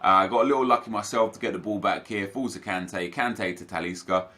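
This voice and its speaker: A man's voice: lowish voice, a little fast, sharp tone. A young man giving casual, chatty commentary over his own football video game matches for viewers. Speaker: gaming YouTuber.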